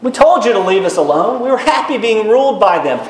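Male preacher doing a sarcastic, complaining grumbler, high and whiny, roomy echo. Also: sing-song, brisk. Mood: whining.

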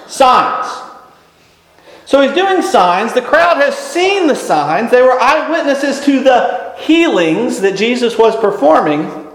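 A man preaching a sermon, teacherly and animated, with folksy asides. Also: extremely high pitch, slow, reverberant, rough recording.

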